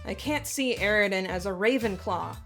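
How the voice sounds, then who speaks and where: Over a music bed, a woman with a mid-range, fairly bright voice narrates scripted fandom facts at a moderate pace. As co-host of a fandom facts video, she keeps the banter dry and teasing.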